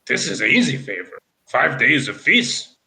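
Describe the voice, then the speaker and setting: A man voicing a pompous male frog-folk chief in a tabletop game, halting and repeating his words. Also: medium pitch, very animated, creaky, pushed and bright, pitched above the performer's own voice, heavily acted, rough recording.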